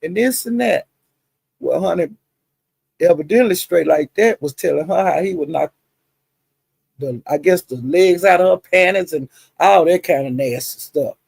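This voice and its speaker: Husky, gravelly-voiced woman gossiping. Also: on the low side, moderate pace, long pauses, no echo. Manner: chatty, animated retelling with frequent asides and cussing. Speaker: livestream host. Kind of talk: casual gossip storytelling.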